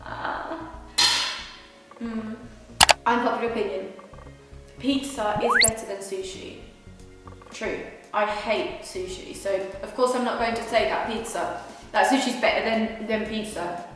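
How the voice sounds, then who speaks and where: A woman's voice: a little high, fairly even intonation, normal speed, a bit bright. A young woman from Surrey, England, chatting casually and rambling as she eats on camera. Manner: chatty, rambling, thinks aloud. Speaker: vlogger. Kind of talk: casual chat while eating. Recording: very echoey room, long reverb, faint music.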